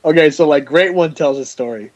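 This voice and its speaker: A man with a slightly high voice hosts a podcast, talking fairly quickly; the audio has its highs cut off and slight background noise. He's a lively storyteller in casual chat who acts out quotes and laughs often.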